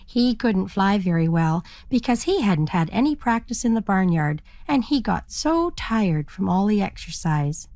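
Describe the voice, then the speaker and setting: A woman storyteller narrating a children's story in an animated, expressive manner. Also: medium pitch, a little slow, hardly any pauses, no echo.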